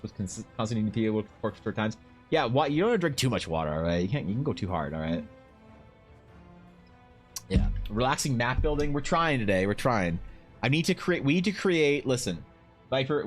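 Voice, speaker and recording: Rambling young man streaming while painting. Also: mid-range voice. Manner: rambling, animated storytelling with many restarts. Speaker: Twitch streamer and artist. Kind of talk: casual live-stream chat while painting.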